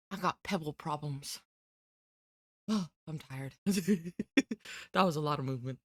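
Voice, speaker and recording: A woman's voice: deep voice, unhurried, pauses often, slightly rough, no echo, studio quality. A woman streamer chatting casually with her viewers, rambling and giggling at herself. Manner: giggly, rambling, self-deprecating.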